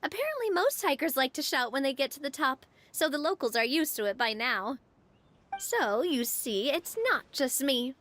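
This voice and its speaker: A woman voicing a cheerful, outgoing young woman in a game, playful and quick to laugh. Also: sits high, big pitch swings, fairly bright tone, slight background noise. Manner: bubbly, playful, laughs easily. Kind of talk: game voice acting.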